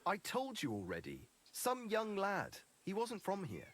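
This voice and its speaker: A brusque village man in a video game, defending himself with a somewhat high voice that rises and falls lively. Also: a little slow, full character voice. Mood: defensive. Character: defensive male villager who bought a horse.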